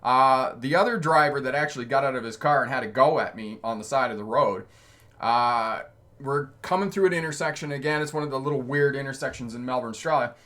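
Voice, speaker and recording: A man's voice: medium pitch, brisk, a bit bright. A man hosting a driving channel, telling road stories in a casual livestream and answering viewers' comments, laughing often as he talks. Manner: chatty, laughs often mid-sentence. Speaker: driving instructor and channel host.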